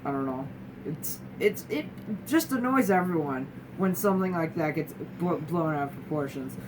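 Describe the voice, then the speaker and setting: In this casual talking-head chat, a young woman who is a guest recounts her experience with a low-sitting, expressive voice at a moderate pace. Her manner is wry and candid, with frequent restarts and mid-sentence impressions of others. She sits far from the mic, and room noise is clearly audible.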